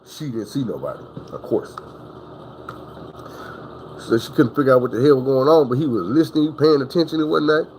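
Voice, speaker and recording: A man's voice: medium pitch, animated, a little fast, long pauses, darkish tone, slight background noise, low-quality recording. A man telling a story in a casual, profane, rambling way.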